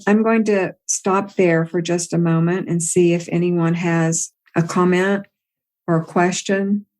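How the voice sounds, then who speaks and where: A woman spiritual teacher telling a myth in a gentle, unhurried, storytelling way to a group. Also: on the low side, fairly even intonation. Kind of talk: storytelling talk.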